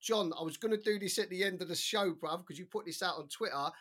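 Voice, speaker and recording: A man co-hosting a boxing podcast, talking in an animated, slangy way with plenty of swearing. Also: high-pitched, quick pace, slightly rough. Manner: animated, swearing, slangy, quotes others in put-on voices. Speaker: podcast co-host. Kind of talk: casual podcast chat.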